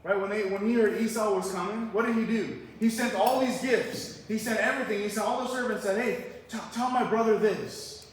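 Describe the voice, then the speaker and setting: A man's voice: high voice, steady tone, fairly quick, hardly any pauses, slight background noise. A man preaching a verse-by-verse sermon as pastor, talking conversationally and asking the congregation rhetorical questions. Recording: echoey hall, mic far off.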